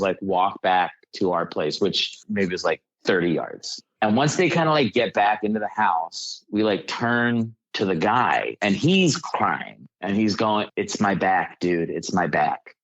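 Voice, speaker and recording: A man's voice: lowish voice, big pitch swings, a little slow, few pauses, fairly bright tone. Rambling man on a dull call-in line. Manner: rambling, heavy use of "like" fillers. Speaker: comedian guest. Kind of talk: casual storytelling. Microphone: calling in remotely.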